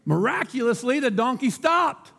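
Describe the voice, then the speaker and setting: A man's voice: very high-pitched, expressive, normal speed, creaky, bright, forceful tone, big-room sound. A man preaching a sermon as pastor, telling a folksy story and laughing at his own joke.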